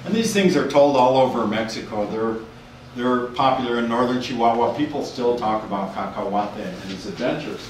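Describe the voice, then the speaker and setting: A man's voice: mid-range voice, normal speed, a little hiss or hum. A man giving a university lecture with slides, rambling and hesitant with many restarts. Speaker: university professor giving a talk. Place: lecture room. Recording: echoey room from far off.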